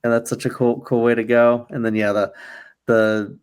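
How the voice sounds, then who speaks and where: A man of middling pitch co-hosting a film podcast, his talk rambling and hesitant and full of fillers. He sounds relaxed and chatty. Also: moderate pace, clear, resonant tone. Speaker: podcast co-host. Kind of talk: casual film discussion.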